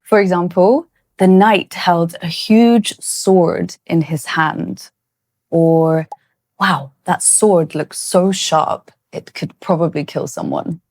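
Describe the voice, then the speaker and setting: A woman teacher walks learners through tricky words at an unhurried, deliberate pace, drawing out each word so it can be repeated. Her voice sits a little low, and the recording is dry and close, with no room sound. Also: darkish tone, no echo. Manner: slow, clear and encouraging, stretching out target words. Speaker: English pronunciation teacher. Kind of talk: scripted pronunciation lesson.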